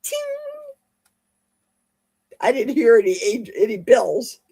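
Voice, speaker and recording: A woman's voice: on the low side, expressive, unhurried, dark tone, slightly rough. A woman hosting a casual livestream, chatty and exclamatory as she reads viewer comments aloud. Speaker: livestream host. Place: home livestream.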